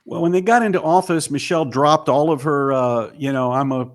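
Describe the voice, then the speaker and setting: Emphatic man with a fairly high voice. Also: a little fast. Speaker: guest, filmmaker and author. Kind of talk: interview answer, storytelling.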